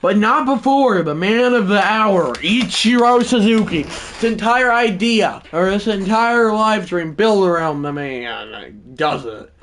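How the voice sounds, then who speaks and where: A man livestreaming a baseball video game, commentating his own play and bursting into shouted home-run calls. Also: sits high, expressive, a little slow, few pauses, a little hiss or hum. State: out of breath. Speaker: gaming livestreamer. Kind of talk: live gameplay commentary.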